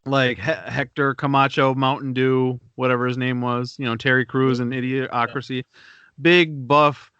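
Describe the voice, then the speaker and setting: A man co-hosting a podcast in loose, rambling chat, full of swearing and asides. His voice is bright and forceful, and it sounds dry and close to the mic. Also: medium pitch, level tone, normal speed, smooth, no echo, highs cut off. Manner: rambling, profane, laughs at his own stories. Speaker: podcast co-host. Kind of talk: casual podcast banter.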